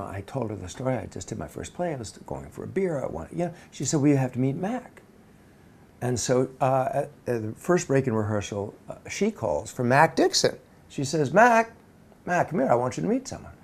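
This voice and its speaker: A man's voice: mid-range voice, creaky, slight background noise. A man animatedly telling an anecdote in an interview, acting out the people he quotes. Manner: lively storytelling, acting out quotes.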